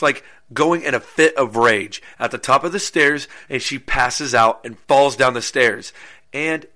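A podcast host telling a true-crime story in a casual, animated way, swearing freely and making asides to listeners. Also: male voice, mid-range voice.

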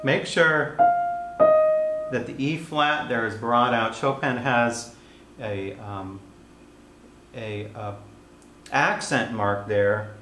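Male piano teacher, calm and explanatory, mid-range voice, echoey room, loud piano under him. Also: mid-range voice. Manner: calm, explanatory, pauses between played passages. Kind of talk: piano lesson with demonstration. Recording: roomy sound with piano playing.

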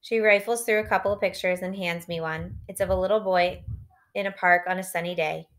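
A woman narrating an audiobook in first person, in a steady, reflective manner. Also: lowish voice, a little fast.

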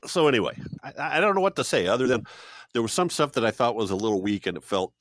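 A man reviewing a film on a podcast in casual chat, measured and thoughtful, pausing and restarting as he weighs his views. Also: medium pitch, animated, fairly bright tone, no room sound.

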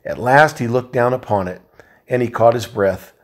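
A medium-pitched man volunteers as a reader, narrating a novel at a measured pace. Now and then he slips up and corrects himself.

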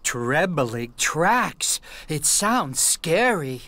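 A timid, kindly old engine from a cartoon, as a man puts him on. He frets in a raised, wavering voice and speaks slowly, as if every shadow in the fog might be a monster. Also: fairly high pitch, very animated, bright, forceful tone, no echo, full character voice. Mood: fretful. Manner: nervous, fretful. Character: kindly older male engines, timid and easily scared.

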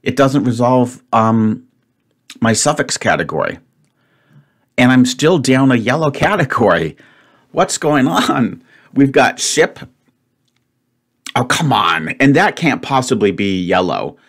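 Slow-talking man muttering through a puzzle. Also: medium pitch, very animated. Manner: thinks aloud, muttering, growing frustrated. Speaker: puzzle-solving host. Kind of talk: solo puzzle-solving commentary.

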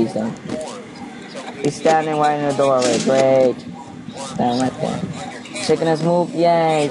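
A man's voice: medium pitch, poor audio. Young man pleading through a horror game. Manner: anxious, pleading, rambling chatter. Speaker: gaming video host. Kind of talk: casual let's play commentary. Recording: home recording with steady background noise.

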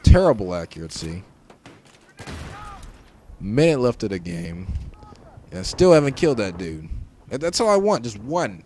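A man giving casual gameplay commentary, joking and trash talking, swinging between shouts and mutters. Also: fairly low pitch, slight background noise. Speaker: gaming commentator. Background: game gunfire and explosions.

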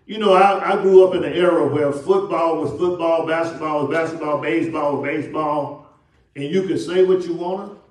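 This pastor's voice sits on the high side, moving at a moderate pace with a slightly mellow quality. A Southern man from Texas, he preaches to his church, posing questions and performing the quoted lines of people in his story in call-and-response style. The sound is distant and echoey, recorded in the sanctuary.

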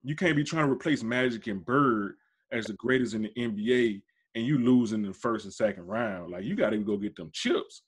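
A man's voice: medium pitch, moderate pace, breathy edge. A man hosting a podcast, arguing basketball in casual slangy talk, emphatic and insistent, his voice shooting up when he presses a point. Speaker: podcast host. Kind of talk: casual sports debate.

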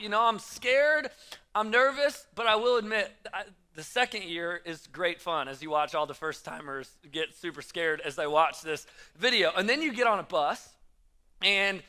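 A young man tells a story from a church stage in his twenties' voice, pitched high and very bright. His delivery is animated and self-mocking, tumbling over quick restarts. The sound is clean and smooth. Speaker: pastor. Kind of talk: storytelling sermon.

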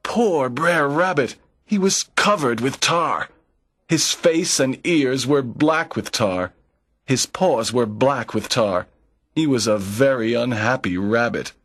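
A man narrating a folk tale slowly and clearly for language learners, in a measured storytelling manner. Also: mid-range voice, lively intonation, fairly bright tone, no echo, clean studio sound. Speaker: narrator of a graded reader. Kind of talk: slow scripted narration for learners.

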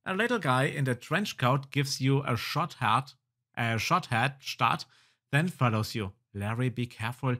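A man's voice: medium pitch, lively intonation, a little slow, bright, forceful tone. A man hosting a let's play, reading game text aloud and muttering casual reactions.

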